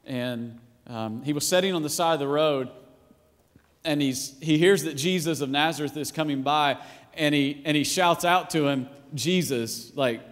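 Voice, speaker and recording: A male pastor preaching a sermon in a church in a casual, playful way, acting out quotes and sometimes shouting. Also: on the high side, moderate pace. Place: church auditorium. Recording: long hall reverb.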